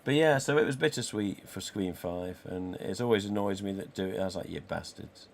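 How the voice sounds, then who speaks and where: A man's voice: fairly low pitch, a little fast. A man in his forties with an English accent, hosting a casual live stream and chatting, swearing freely, and acting out the dialogue he quotes. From England. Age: 40s.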